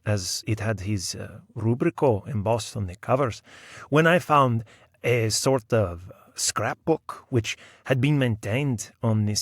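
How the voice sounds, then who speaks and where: A man's voice: fairly low pitch, no room sound, studio quality. A man playing a courteous host at a gathering who speaks in an amused way. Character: gracious male host of a dinner gathering.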